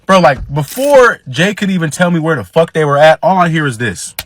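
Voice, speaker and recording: A man telling a profane, animated party story in casual slang, quoting people in his own voice. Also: a little high, fairly quick, slight background noise. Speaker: storyteller guest.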